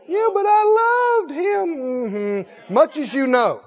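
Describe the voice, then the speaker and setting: A man preaching a sermon, folksy and animated, swinging from loud calls to low asides. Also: unhurried, few pauses, some chatter behind. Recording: dull sound with long hall reverb.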